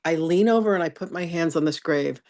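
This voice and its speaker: A middle-aged woman with a low voice speaks fairly quickly while teaching a live spiritual masterclass. She shares a personal story in a chatty, animated manner and calls on her students by name.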